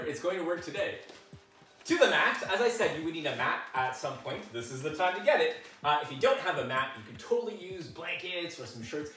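Encouraging male fitness instructor, bright forward voice, slightly high, counts reps; echoey room. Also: far from the mic. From French-speaking. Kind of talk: guided workout instruction. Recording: echoey room, mic set back, faint music.

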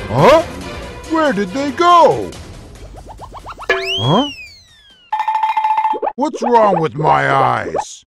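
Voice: medium pitch, huge pitch swings, very slow, creaky, pauses often, over loud music, heavily acted. A performer voicing a hungry, bumbling carnivorous dinosaur villain in a cartoon, blustering and huffing between greedy boasts. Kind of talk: cartoon voice acting.

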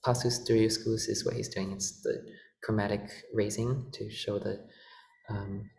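A man with a gravelly, creaky voice teaches at the organ, patiently walking through music theory and often correcting himself. The sound is echoey and roomy, with the organ heard behind him. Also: on the low side, little pitch movement, unhurried, a little mellow. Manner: patient, explanatory, with frequent fillers and self-corrections. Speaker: organ workshop presenter. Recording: echoey room with organ playing.

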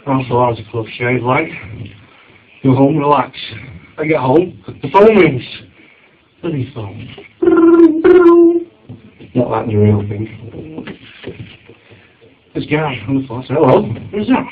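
A man, performing a stand-up routine on a comedy club stage and acting out shouted quotes. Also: medium pitch, slow, long pauses, slight background noise. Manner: lively storytelling, acts out shouted quotes. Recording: dull lo-fi club recording.

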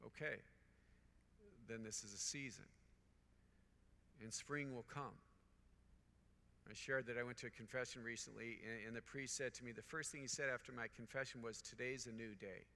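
A man's voice: mid-range voice, fairly even intonation, normal speed, vocal fry, pauses often, pushed and bright, in a large hall. A middle-aged man, a priest, preaching a conference homily to fellow priests in an earnest, repetitive cadence, telling anecdotes. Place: large conference hall.

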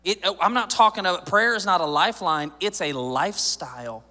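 A man's voice: high voice, expressive, brisk, sharp tone, big-room sound. A man in his thirties preaching a sermon in a church, joking and conversational, building to emphatic points. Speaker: pastor. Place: church sanctuary.

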